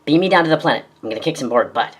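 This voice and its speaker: Woman with a deep voice, reads every part of a fan drama, sarcastic and melodramatic. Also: animated. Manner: quick-switching, sarcastic, melodramatic. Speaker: narrator and voice actor. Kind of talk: fan audio drama, reading many parts.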